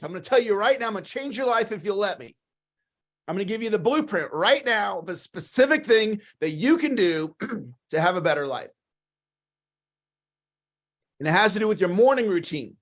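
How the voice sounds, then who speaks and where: A man giving a motivational coaching talk on a livestream, enthusiastic and repetitive, often clearing his throat. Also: high voice. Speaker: sales coach.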